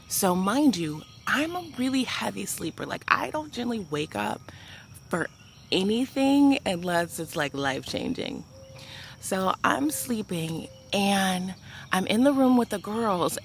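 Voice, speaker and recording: A woman vlogger telling a personal story to camera in an animated, chatty way, full of "like" and speaking to viewers as "y'all.". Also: fairly low pitch, slight background noise.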